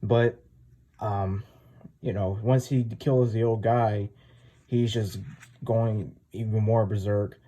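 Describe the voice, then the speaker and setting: Chill guy recapping a comic, mellow voice, lots of like and you know. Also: on the low side, steady tone, slow pace, long pauses, dull audio. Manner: rambling, full of "like" and "you know". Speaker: comic reviewer. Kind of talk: casual chapter recap.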